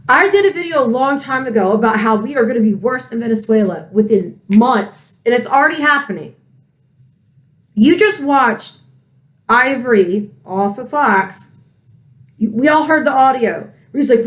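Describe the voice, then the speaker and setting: Heated woman ranting, fairly high voice. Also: animated, moderate pace. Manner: angry, heated, swearing. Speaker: political commentary vlogger. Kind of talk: ranting commentary.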